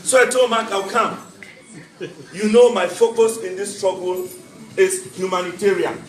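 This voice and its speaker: A man's voice: high-pitched, lively intonation, normal speed, roomy sound, poor audio. A man giving an earnest, emphatic speech at a book launch, repeating phrases for weight. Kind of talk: public speech.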